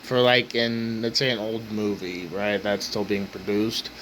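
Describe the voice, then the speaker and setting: A man's voice: fairly low pitch, flat delivery, a little slow, fairly bright tone, a little hiss or hum, poor audio. A man ranting angrily at his table at home, exasperated, swearing and repeating himself. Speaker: ranting vlogger. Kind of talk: angry rant to camera. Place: home kitchen table, indoors.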